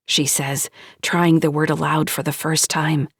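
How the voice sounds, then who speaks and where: Female audiobook narrator, unhurried, husky-soft voice, bone-dry close mic, slightly low. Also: no echo. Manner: measured, hushed storytelling.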